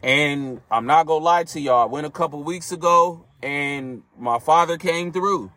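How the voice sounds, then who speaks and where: Earnest man with a bright, forceful voice. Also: fairly high pitch, normal speed. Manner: earnest, reflective, speaks directly to listeners. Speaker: podcast host. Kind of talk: personal storytelling monologue.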